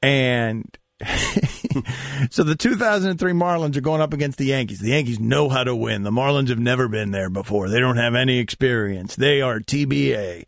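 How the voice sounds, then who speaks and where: A man hosting sports talk radio, an animated storyteller who acts out quoted lines. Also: mid-range voice, moderate pace, vocal fry, no echo, studio quality.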